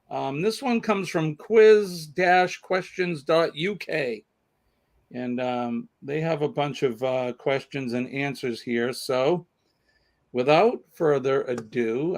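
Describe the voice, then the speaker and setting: Chatty host with a Boston accent. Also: male voice, fairly high pitch. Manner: chatty, reads out viewer comments. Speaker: trivia show host. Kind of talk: casual livestream chat.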